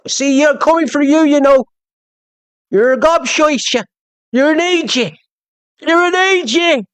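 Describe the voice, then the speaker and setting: Shrill caricature of a ranting Irish scold, high and jeering, put on by a woman; dry close sound. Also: unhurried, no room sound. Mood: mocking rant. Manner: mocking, scolding, repetitive.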